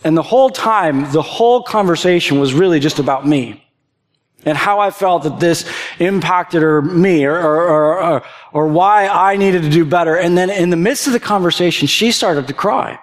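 A man's voice: fairly high pitch, normal speed. A young adult man preaching a sermon as pastor, earnest, often repeating words and restarting phrases as he builds to impassioned emphasis.

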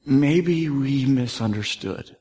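A man in his thirties preaching a sermon, earnest, dropping to soft, hushed tones at tender moments. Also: mid-range voice, slow. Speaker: pastor. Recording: long hall reverb.

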